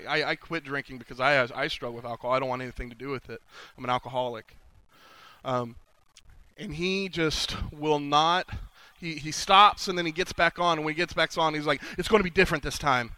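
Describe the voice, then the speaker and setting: Bright, high-voiced man preaching with humor. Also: brisk, clear, resonant tone. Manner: animated storytelling, acting out quoted voices. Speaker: conference speaker. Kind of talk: humorous sermon. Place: conference session.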